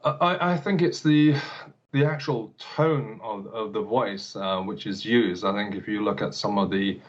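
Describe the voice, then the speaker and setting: A man's voice: fairly low pitch, a little slow, muffled recording. A man, an elocution teacher, answering interview questions hesitantly, with many fillers and repeated words.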